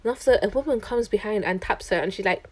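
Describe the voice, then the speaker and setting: A young woman tells a travel story straight to camera. She sounds chatty and indignant, and her sentences are full of "like". Her pitch sits in the middle range. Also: fast talker. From London, England. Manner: chatty, indignant, heavy use of "like". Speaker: traveller recounting a trip.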